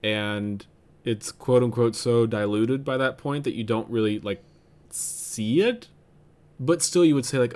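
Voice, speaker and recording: A man's voice: medium pitch, measured pace, darkish tone. A man co-hosting a podcast, chatting casually and thinking aloud with lots of fillers and restarts. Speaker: podcast co-host. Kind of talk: casual chat.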